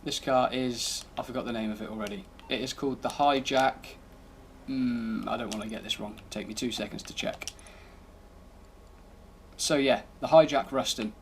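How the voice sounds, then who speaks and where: Man, gaming channel host, casual gameplay commentary, gravelly, thinking aloud, background noise. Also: mid-range voice, moderate pace. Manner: laid-back, thinking aloud while driving.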